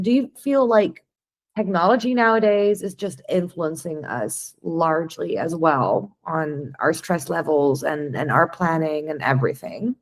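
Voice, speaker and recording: A woman with a fairly low, darkish voice hosts a podcast, putting curious, conversational questions to her guest in a casual interview chat.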